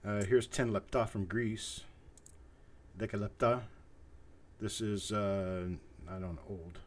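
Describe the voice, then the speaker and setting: A man's voice: on the low side, steady tone. A man hosting a live coin auction, chanting bid calls over and over and chatting casually between them. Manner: rapid repetitive bid calling, casual asides. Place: cluttered room at home.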